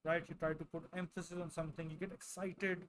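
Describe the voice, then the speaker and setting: A male English tutor with a slightly raised pitch talks his class through speaking answers. He goes slowly and carefully, and he often tags his points with a questioning "right?". Faint ambient sound sits behind him. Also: flat delivery, slight background noise, low-quality recording. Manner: slow, deliberate delivery with frequent "right?" tags. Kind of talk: explaining and demonstrating speaking answers.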